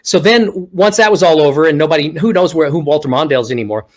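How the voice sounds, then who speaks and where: Higher-voiced man telling lively stories. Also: quick pace. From Texas. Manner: animated storyteller acting out quoted remarks. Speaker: guest, ventriloquist. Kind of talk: casual storytelling interview.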